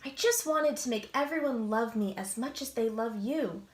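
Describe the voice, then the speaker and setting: A woman's voice: a little high, normal speed, reverberant, slight background noise, lightly acted. A woman voicing Mister Caper, a lonely, apologetic storybook caper who feels sour and unloved. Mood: glum. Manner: glum and apologetic.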